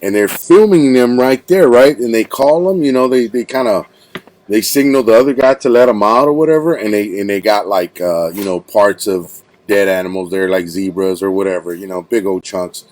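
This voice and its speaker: A man's voice: lowish voice, normal speed, a little mellow. A man hosting a casual podcast interview, rambling and slangy, calling his guest bro and dude. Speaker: podcast host.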